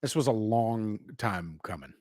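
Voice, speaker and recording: Brash young male livestream host, profane and slangy, bursts loud then drops low, very animated delivery. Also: unhurried, no room sound, studio quality. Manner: jumps between shouting and low asides. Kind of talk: unscripted livestream rant.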